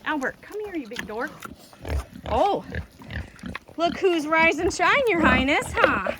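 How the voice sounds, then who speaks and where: A woman's voice: sits high, animated, a little slow. A woman homestead vlogger talking casually and affectionately to her pigs as she hand-feeds them in an outdoor pen. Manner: coaxing, affectionate pet talk to animals. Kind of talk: casual talk while hand-feeding pigs. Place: outdoor farm pig pen. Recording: loud pig grunts and farm noise.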